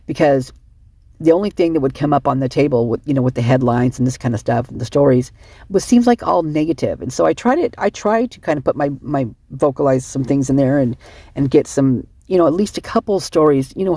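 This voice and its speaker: A woman's voice: a bass voice, animated, brisk, dark tone, husky, dry recording. A middle-aged woman giving rambling, emotional casual commentary, sleep-deprived and often restarting her sentences. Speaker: online commentator.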